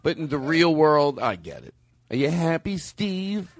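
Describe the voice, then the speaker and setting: A male podcast host with a lively, bouncing pitch, rambling through his jokes and breaking into laughter. His voice sits dry and close on the mic. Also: measured pace, dry recording. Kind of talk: casual comedy chat.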